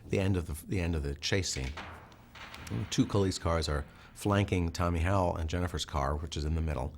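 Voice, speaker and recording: A man, a filmmaker in a documentary interview, giving a measured and detailed technical explanation of how a shot was done, with many "uh" fillers. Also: very deep voice, a little hiss or hum.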